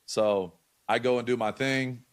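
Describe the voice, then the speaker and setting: A man's voice: medium pitch, steady tone, unhurried, clear, resonant tone. A young man talking casually as a podcast guest, swearing often and filling his talk with likes and restarts. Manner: loose, profane, many likes and restarts. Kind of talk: casual storytelling chat.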